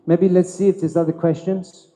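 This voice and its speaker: A man with a mellow, slightly higher voice leads a devotional class. He speaks softly and calls out the closing chants. The sound carries a long hall reverb. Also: little pitch movement, moderate pace. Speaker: class leader.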